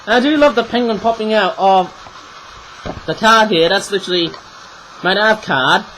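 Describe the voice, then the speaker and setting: A man reviewing toys in a rambling, chatty way, with a frog in his throat that makes him clear it often. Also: high voice, normal speed, bright, forceful tone, slight background noise, low-quality recording. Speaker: toy reviewer. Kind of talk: casual video review.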